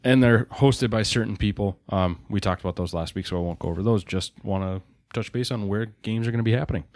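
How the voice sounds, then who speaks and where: Low-voiced man hosting casual chat. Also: fast, darkish tone, dry recording, studio quality. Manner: joking, reads lists of places. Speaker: podcast host. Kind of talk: casual chat reading event news.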